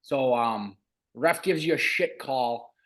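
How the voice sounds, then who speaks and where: A man's voice: medium pitch, slow, a bit bright. A man from New England hosts a casual chat in a mid-range voice, loose and easygoing, dropping curse words without a second thought. He sounds like a buddy asking questions across the table. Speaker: podcast host.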